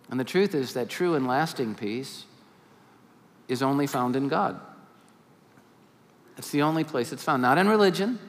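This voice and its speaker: A man with a fairly high voice delivers a sermon in a large hall, where a long reverb trails behind his words. He preaches in an animated, conversational way and slips into quick bits of acted dialogue as he tells the story. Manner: animated storytelling, acting out dialogue in casual speech. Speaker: pastor.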